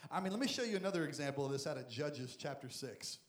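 A man preaching a lively, jokey sermon as a youth pastor, acting out Bible stories. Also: fairly high pitch, fast, reverberant. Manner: energetic, jokey, acts out Bible figures.

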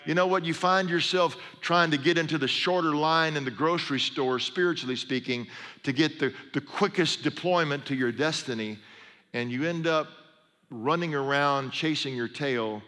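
A man's voice: a little high, moderate pace, bright, forceful tone. A middle-aged man preaching a sermon as a pastor, telling stories in a conversational way with humorous asides. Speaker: pastor and sports chaplain. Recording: long hall reverb.

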